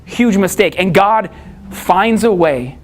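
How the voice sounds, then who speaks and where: A male pastor preaching a sermon with animated, emphatic storytelling. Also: high voice, takes it slowly, a little hiss or hum.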